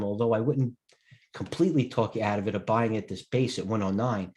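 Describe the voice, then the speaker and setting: A stockbroker in middle age hosts live market commentary, his fairly low voice brisk and a little mellow. Though he moves quickly, he sounds worn out, wandering off topic and frequently breaking away to field viewer questions.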